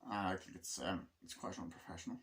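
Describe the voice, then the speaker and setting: A man's voice: low voice, quick pace, a bit bright. A man talks through a war film in a loose, unscripted monologue. He rambles and swears constantly, and fills his sentences with ums and likes. He laughs easily as he goes. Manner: rambling, full of fillers and profanity, laughs often. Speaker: film reviewer. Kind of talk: casual film review monologue.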